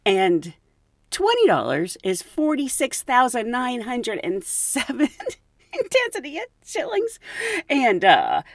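A woman podcast host and flight attendant telling stories in a casual, animated way, laughing often. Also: fairly high pitch, slow pace, no echo, clean studio sound. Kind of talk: casual storytelling.

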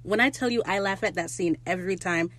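Excitable, cussing TV recap host. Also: mid-range voice, quick pace. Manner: excitable, profane, rambling asides. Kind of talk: casual recap commentary.

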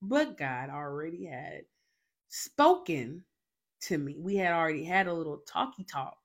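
A woman's voice: low voice, expressive, measured pace. A young woman hosting a faith show, telling a personal testimony in a dramatic, emphatic way with lots of repetition.

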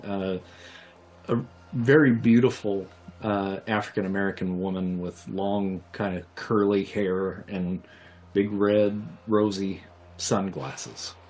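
A man with a low voice runs a tabletop game, describing each scene at an easy pace. He pauses often on fillers as he builds the picture for his players. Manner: relaxed, descriptive, with many fillers. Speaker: game master.

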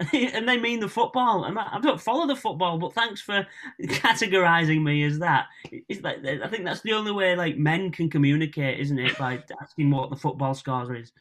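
A young man with a Hull accent, guest on a podcast, chatting quickly and laughing often over a video call. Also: on the high side, fairly bright tone, a little hiss or hum. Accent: Hull, Northern English. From Hull, England. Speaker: guest comedian. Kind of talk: casual podcast chat.

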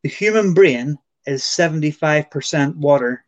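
A man's voice: fairly high pitch, normal speed. A man co-hosting a casual podcast, building up to a question in a storytelling way. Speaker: podcast co-host. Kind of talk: casual chat.

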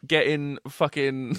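A man with an English Midlands accent co-hosting a casual film podcast. He swears a lot, apologises constantly, and gets animated when he goes off on a tangent. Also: a little high, no room sound, clean studio sound. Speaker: podcast co-host.

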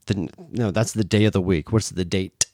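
Playful middle-aged dad hosting a podcast. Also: male voice, deep voice, moderate pace, gravelly, a little mellow, no room sound, studio quality. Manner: playful, teasing. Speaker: podcast host and father. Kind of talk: casual family chat.

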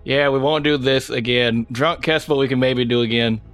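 A man's voice: mid-range voice, fairly even intonation, normal speed, a bit bright, soft background music. Man tossing out jokey asides. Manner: joking, silly asides. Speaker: player.

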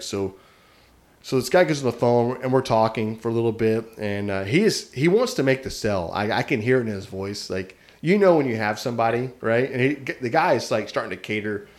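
A man's voice: mid-range voice, expressive, fairly quick. Rambling man telling a prank story. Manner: rambling, self-amused, many restarts and "like". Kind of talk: casual storytelling.

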